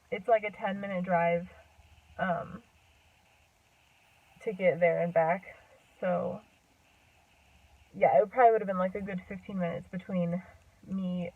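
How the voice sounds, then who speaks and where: A young woman chats to her camera, telling a long personal story in a loose, rambling way and filling pauses with "like" and "um". Her voice sits in a middle pitch and sounds thin and phone-like. She is set back from the microphone. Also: dry recording. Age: young adult. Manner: chatty, rambling, full of "like" and "um", laughs often. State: a bit out of breath. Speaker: vlogger. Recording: distant tinny phone-like sound.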